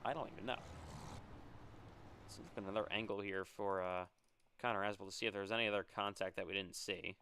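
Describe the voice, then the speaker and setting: A young man calling live play-by-play for an online racing series, excitable and exclaiming at crashes. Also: fairly low pitch, fast talker, long pauses. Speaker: race commentator. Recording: loud racing game engine noise behind.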